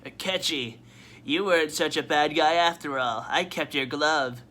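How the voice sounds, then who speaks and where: A man voicing a calm young male hero who speaks earnestly and reassuringly. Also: a little high, moderate pace.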